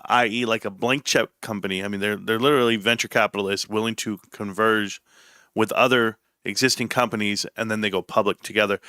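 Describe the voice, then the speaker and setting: A man's voice: lowish voice, pushed and bright, no echo, studio quality. A man hosting a casual livestream, rambling and joking irreverently as he talks. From United States. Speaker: livestream host. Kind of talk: casual stream commentary.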